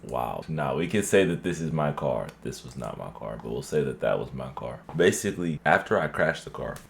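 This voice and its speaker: A man vlogger telling a story in an animated, slangy and profane way. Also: rumbling low, moderate pace, vocal fry, slight background noise. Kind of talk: story-time vlog.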